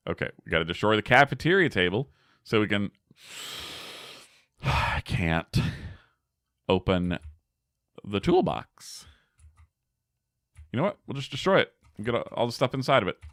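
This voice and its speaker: A man's voice: on the low side, fairly bright tone, no room sound, clean studio sound. A man giving casual gameplay commentary as a streamer, chatty, laughing often and talking back to his chat.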